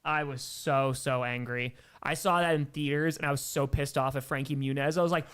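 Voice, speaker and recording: Chatty man with a higher voice. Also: fairly even intonation, brisk, very noisy. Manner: rambling and enthusiastic, thanks donors between answers. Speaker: livestream host answering viewer questions. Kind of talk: casual chat.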